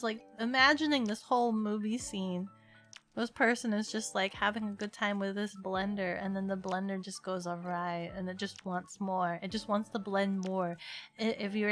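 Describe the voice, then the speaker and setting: A young woman chatting playfully on a livestream, excitable and quick to burst into laughing shouts. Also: mid-range voice. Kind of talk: casual stream chat. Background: faint music.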